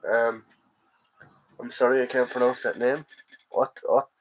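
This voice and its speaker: A man's voice: medium pitch, little pitch movement, measured pace, poor audio. An Irish man with a sore throat hosting a casual live stream, rambling and answering chat comments as he goes.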